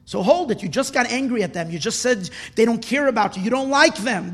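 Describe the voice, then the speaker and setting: High-voiced impassioned preacher in a hall. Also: male voice, animated, brisk, hardly any pauses. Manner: impassioned, swings from hushed to loud and emphatic, repeats words. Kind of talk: sermon. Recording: long reverb of a hall.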